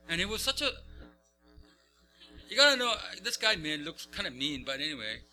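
A male pastor tells a story during a sermon in a high, very bright voice that rises and falls widely. He acts out the characters as he goes, with faint music underneath. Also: sing-song, normal speed.

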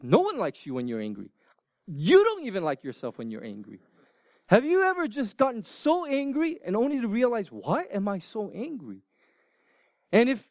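A preacher delivers a sermon in a loose, conversational way, tossing rhetorical questions at the congregation and dropping pop-culture asides. The pitch rises and falls in lively swings. The voice sounds close and dry, with little room around it. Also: no room sound. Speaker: pastor.

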